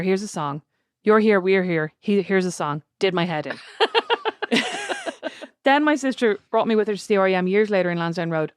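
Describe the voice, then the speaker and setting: A woman's voice: medium pitch, no echo, studio quality. An Irish woman co-hosting a podcast, reading listener messages aloud with wry, chatty asides. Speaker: podcast co-host.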